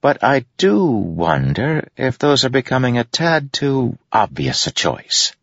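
A man voicing an eager young noblewoman who flatters and coaxes in a raised, lively tone on a dull, lo-fi recording. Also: mid-range voice, a little slow, creaky, dry recording, voice pushed up, exaggerated voice.

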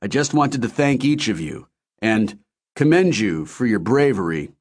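A man's voice: medium pitch, sing-song, measured pace, voice pushed up. A man voicing a cheerful middle-aged male company founder, friendly and gracious in an audiobook.

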